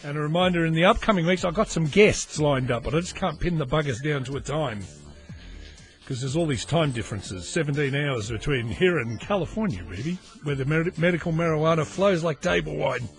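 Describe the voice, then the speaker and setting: A man's voice: fairly high pitch, expressive, a little fast, faint music behind. A man, hosting his own podcast in a chatty, self-mocking, rambling way full of asides. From Australia. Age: 40s. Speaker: podcast host. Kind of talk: casual solo podcast rambling.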